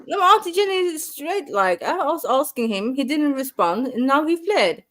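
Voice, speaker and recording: A woman's voice: high voice, sing-song, normal speed, fairly bright tone, slight background noise. A woman joking bluntly and swearing freely in casual live panel banter.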